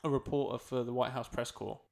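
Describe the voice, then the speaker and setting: A man's voice: mid-range voice, steady tone, a little fast, gravelly, darkish tone. A man co-hosting a podcast in casual chat, rambling and correcting himself as he goes. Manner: rambling, self-correcting, laughs often. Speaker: podcast co-host.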